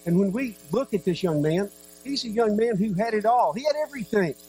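Man, preacher, sermon, earnest, dramatic pauses, soft drops, faint hum. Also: sits high, animated, rough recording.

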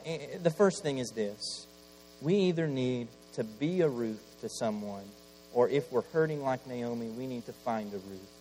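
A man preaching a sermon while battling a cold, swinging from loud impassioned pleading to hushed, quiet passages. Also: medium pitch. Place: church. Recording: long hall reverb, faint mains hum.

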